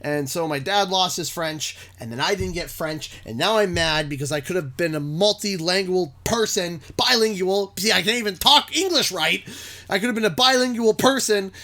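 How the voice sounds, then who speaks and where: A man's voice: high voice, moderate pace, pushed and bright. A young man from Canada chatting casually and joking with viewers while playing a racing game on a headset mic. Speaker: gaming streamer.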